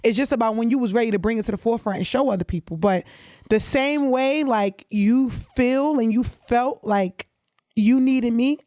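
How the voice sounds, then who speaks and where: A woman's voice: a little high, darkish tone, no echo, studio quality. A woman in her twenties, a podcast guest talking in an earnest, heartfelt way. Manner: earnest, heartfelt, quick talker. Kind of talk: casual podcast chat.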